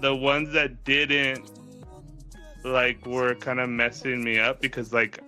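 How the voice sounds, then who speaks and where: A man's voice: mid-range voice, level tone, slow, pushed and bright, soft background music. A man telling a long story in casual chat, rambling with lots of "like", swearing and laughing as he goes. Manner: rambling, heavy use of "like", laughs often, swears freely.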